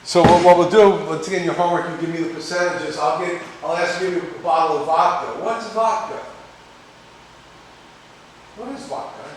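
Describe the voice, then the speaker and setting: A man's voice: fairly high pitch, steady tone, brisk. A man teaching a class, rambling, repeating words and quizzing his students. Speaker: cooking instructor. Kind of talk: classroom lecture. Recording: echoey room, distant mic, faint noise.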